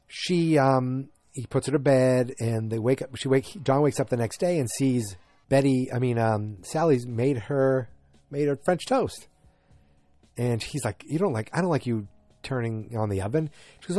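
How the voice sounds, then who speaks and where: A man casually recapping a TV episode, rambling with ums and self-corrections, now and then breaking into animated mock anger. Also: mid-range voice, normal speed, dry recording, soft background music.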